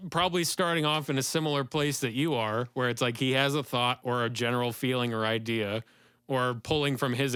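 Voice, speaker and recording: Bright, crisp-voiced male podcast host. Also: medium pitch, no echo, studio quality. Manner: rambling, enthusiastic, quick to laugh. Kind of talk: casual podcast chat.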